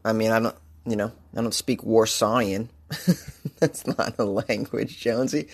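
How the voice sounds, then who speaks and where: A man from Boston hosting a podcast, excitable and laughing often as he cracks crude jokes. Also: lowish voice, unhurried, husky. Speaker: podcast host. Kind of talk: casual comedic commentary.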